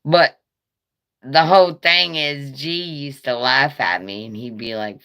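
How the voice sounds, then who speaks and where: A woman live streaming in casual chat, with a raspy voice like a chain smoker's, talking in a nervous, rambling, profane way. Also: rumbling low, measured pace, fairly bright tone.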